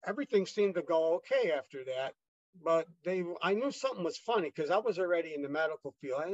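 A man with a somewhat high voice talks casually as an interview guest. He stops and restarts often and leans on fillers as he goes. The recording sounds dull and dry. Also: animated, no room sound. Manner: halting, with many fillers and restarts. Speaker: podcast guest.

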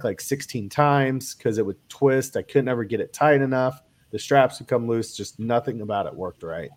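This man, a kayak angler guest, has a cold and chats casually about his kayak gear, often restarting and leaning on fillers as he rambles. His voice is mid-range and a little mellow.

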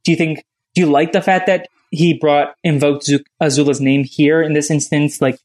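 A man's voice: on the high side, flat delivery, moderate pace, darkish tone. A man co-hosting a casual podcast, chatty and questioning, with lots of "like" fillers. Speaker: podcast co-host. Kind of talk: casual chat.

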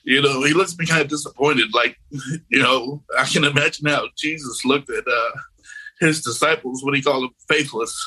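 Husky man telling a dramatic story. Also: mid-range voice, normal speed, poor audio. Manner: animated, acts out quoted voices. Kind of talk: personal storytelling.

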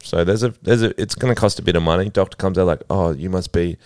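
A man's voice: sits low, very fast, darkish tone, clear, resonant tone, dry recording, studio quality. A man co-hosting a comedy podcast, riffing through a made-up story in casual, laid-back chat. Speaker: podcast co-host.

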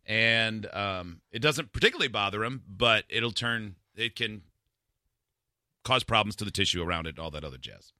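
A man with a very bright, forceful tone and a slightly low pitch tells a long, rambling story about himself. He jokes at his own expense. The sound is dry and close, with no room echo. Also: lively intonation, moderate pace. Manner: self-deprecating, rambling storyteller. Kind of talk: casual storytelling chat.

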